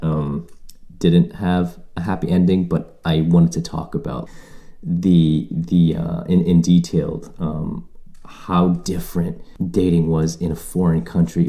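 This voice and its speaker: A Canadian man rambles through a solo podcast, restarting sentences and dropping casual profanity. His voice is low and very dark, with a mellow, unhurried warmth. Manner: rambling, profane, self-correcting. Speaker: podcast host.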